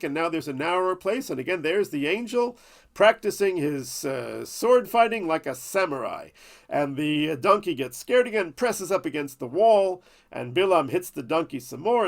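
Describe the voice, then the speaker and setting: A man's voice: fairly high pitch, gravelly. A man telling a Bible story as a lesson, with playful, jokey asides. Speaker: Torah teacher.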